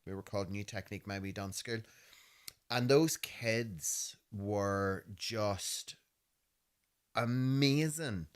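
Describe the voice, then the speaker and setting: A man in his fifties with a Belfast accent, co-hosting a podcast and telling animated, laughing stories that act out voices. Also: fairly low pitch, slow, clean tone. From Northern Ireland. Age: 50s. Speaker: podcast host. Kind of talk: casual storytelling chat.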